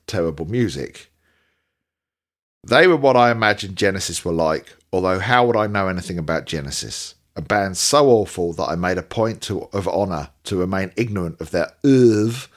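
A man's voice: deep voice, animated, moderate pace. A man putting on a sardonic Manchester punk poet. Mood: sneering. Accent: put-on Manchester. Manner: dry, sneering storytelling. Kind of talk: reading a memoir aloud in an impression.

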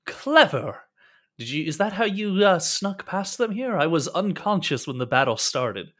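A man's voice: high-pitched, very animated, fairly bright tone, pitched above the performer's own voice, heavily acted. A man voicing a nervous, bewildered young male bard held captive, who stammers and jumps to conclusions. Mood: puzzled. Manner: jumpy, stammering, quick to assume.

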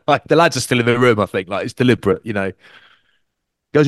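A man's voice: fast, no echo, clean studio sound. A man co-hosting a rugby podcast, telling stories in casual chat and acting out quotes. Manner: animated storyteller, acts out quotes with big pitch jumps. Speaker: podcast co-host and rugby commentator.

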